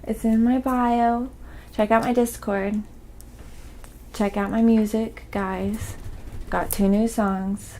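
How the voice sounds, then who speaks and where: A woman from Oklahoma with a slight Southern accent, chatting softly on a live painting stream and reading viewer comments aloud. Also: medium pitch, gravelly, a little hiss or hum. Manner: reads viewer comments aloud, thanks donors. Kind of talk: soft-spoken ASMR live stream chat.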